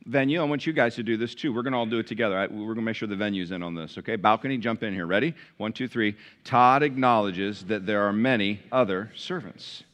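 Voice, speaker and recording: Preacher swinging from loud to hushed. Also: male voice, fairly low pitch, fast talker, hardly any pauses. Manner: preaching with big swings from loud emphatic peaks to hushed tones. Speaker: pastor. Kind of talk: sermon. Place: large church with balcony, live congregation.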